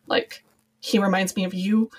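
A woman's voice: mid-range voice, level tone, moderate pace, slightly rough. A young adult woman, a podcast guest and former cast member, talking in a chatty, rambling way with many fillers. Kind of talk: casual podcast conversation.

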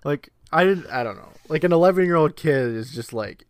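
A man's voice: fairly high pitch, fairly quick, hardly any pauses, dry recording. Thirties male co-host, easygoing recap chat, dry close sound. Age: 30s. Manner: relaxed storytelling with "like" fillers. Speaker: podcast co-host. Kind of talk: casual chat, recapping an episode.

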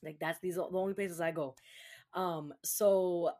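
A young woman in casual, animated storytelling mode, her voice sitting a little low for a woman. She swears freely, laughs through her own anecdotes, and drops Spanish words into her talk as a show host. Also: unhurried.

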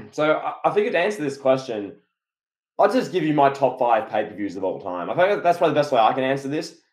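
A man co-hosting a podcast, telling a story in an animated, excitable way. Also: medium pitch, quick pace. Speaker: podcast co-host. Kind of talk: casual podcast chat. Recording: echoey room.

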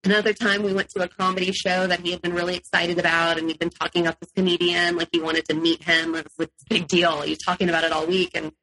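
A woman with a bright, clear voice recounts her own story as a podcast guest. She tells it animatedly, slipping into the voices of the people she quotes. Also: on the low side, fast talker, hardly any pauses, rough recording. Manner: animated, acts out quotes, laughs often. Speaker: interview guest. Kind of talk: personal storytelling in an interview.

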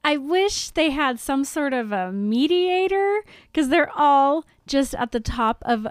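High, lively exasperated woman. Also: takes it slowly, no room sound, clean studio sound. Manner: animated, exasperated commentary. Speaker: podcast co-host. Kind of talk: casual chat.

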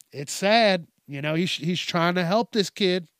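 A man's voice: high-pitched, fairly bright tone, no room sound, studio quality. A man hosting a casual news commentary show, swearing often, laughing and acting out quotes in exaggerated voices. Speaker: host.

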